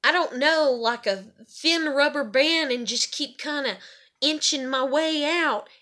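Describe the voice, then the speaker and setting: Her voice sits high with a sharp tone as this young vlogger unloads about her family. The rant is bitter and frustrated, rambling and repetitive, with lots of swearing.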